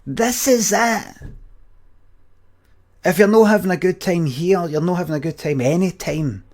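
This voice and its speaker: A man's voice: high-pitched, unhurried, darkish tone. A Scottish man in his forties, rambling and swearing as he tells a story to his viewers on a stream.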